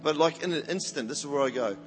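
A man's voice: fairly high pitch, quick pace. Male evangelist in a reverberant hall. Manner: animated, repeats words, stammering restarts. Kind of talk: sermon storytelling. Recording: reverberant hall with faint music.

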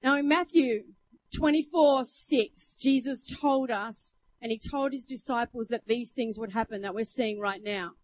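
A woman's voice: high voice, low-quality recording. A woman preacher at a church service, reading scripture and teaching emphatically into a handheld mic. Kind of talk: sermon.

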